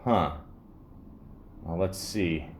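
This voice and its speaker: A man's voice: low-pitched, very slow, slight background noise. A man hosting a podcast, reading a script with sarcastic, joking asides. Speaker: podcast host.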